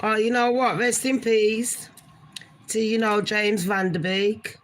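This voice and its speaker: A woman's voice: mid-range voice, flat delivery, slow pace, low-quality recording. A woman hosting a casual gossip live stream, chatting with viewers and swearing now and then. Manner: chatty, swears, talks to viewers as honey pot. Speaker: gossip channel host.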